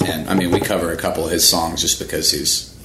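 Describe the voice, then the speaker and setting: A man's voice: low-pitched, flat delivery, fast, roomy sound, heavy background noise. A man, a touring musician, telling stories in a laid-back, profane casual chat.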